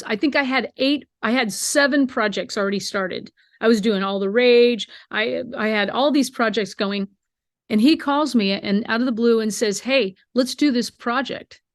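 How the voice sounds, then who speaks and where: Middle-aged woman telling emotional stories in an interview, higher voice, dry close sound. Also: no room sound. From United States. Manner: heartfelt storytelling, emotional, acts out quoted dialogue. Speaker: bluegrass singer, interview guest. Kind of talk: remote interview conversation.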